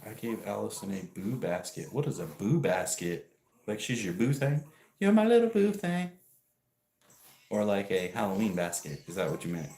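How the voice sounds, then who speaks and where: A man's voice: deep voice, fairly quick, gravelly, a little mellow. Rambling, chatty man streaming from an echoey room. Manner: rambling and chatty, laughs often, talks back to chat. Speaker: live streamer. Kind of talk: casual livestream chat, reading viewer messages.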